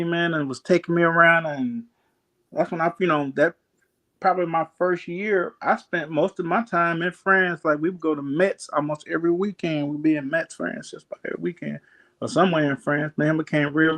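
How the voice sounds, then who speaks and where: A man's voice: on the high side, fairly even intonation, fairly quick, fairly bright tone. A man telling a long story in casual chat, acting out voices and laughing often.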